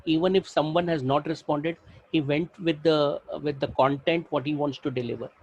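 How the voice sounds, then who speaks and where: A man giving a halting spoken evaluation of a speech, restarting his phrases as he goes. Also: on the high side, steady tone, a little mellow. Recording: dull lo-fi video call audio.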